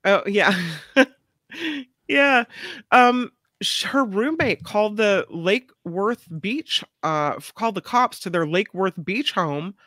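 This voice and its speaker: A woman co-hosting a talk show, chatting loosely through celebrity news with lots of "um" and "uh" along the way. Her voice sits at a medium pitch, and the sound is dry and close. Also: animated, slow, fairly bright tone, dry recording. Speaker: co-host. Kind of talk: casual celebrity news chat.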